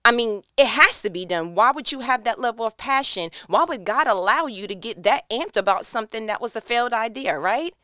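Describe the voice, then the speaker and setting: A woman giving an animated, playful faith-based motivational monologue, speaking straight to the listener as if on a phone call. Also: fairly high pitch, brisk, few pauses, noisy background.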